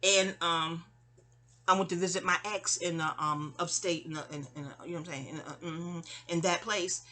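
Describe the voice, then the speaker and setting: A woman's voice: lowish voice, steady tone, normal speed, bright, forceful tone. A middle-aged woman with a New York accent, telling a personal story in a rambling, digressive way full of fillers and restarts. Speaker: vlogger telling a memoir story. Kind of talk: casual rambling storytelling monologue.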